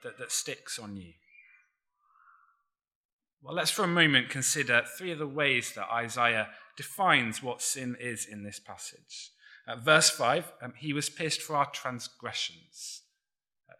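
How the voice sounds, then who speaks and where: A man preaching a sermon in a measured, emphatic way, dropping almost to a murmur on key words. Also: medium pitch, sharp tone.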